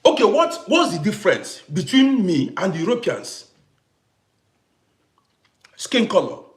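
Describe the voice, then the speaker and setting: Casting: middle-aged man from Africa, live-stream host, high voice that rises and falls a lot as he stresses each point. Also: a little slow, roomy sound. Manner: animated, emphatic, repeats himself, greets viewers by name. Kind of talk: casual live-stream talk to viewers. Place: home in Vienna.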